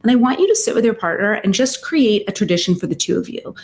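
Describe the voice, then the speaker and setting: A woman talks through relationship advice in a lively, conversational interview. She has a mid-range pitch and acts out little quotes as she goes. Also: fast talker. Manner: animated, uses many fillers and acted-out quotes. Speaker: psychotherapist and relationship expert guest.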